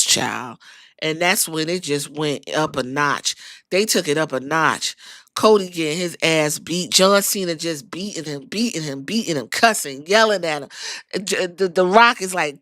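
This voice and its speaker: A woman hosting a podcast, retelling a wrestling show in an animated, profane, casual way. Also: medium pitch, normal speed, dry recording, clean studio sound. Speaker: podcast host.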